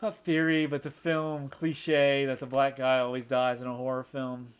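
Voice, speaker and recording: A man's voice: medium pitch, monotone, moderate pace, clean tone. A man co-hosting a casual movie review podcast, rambling with many fillers and restarts. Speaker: podcast co-host.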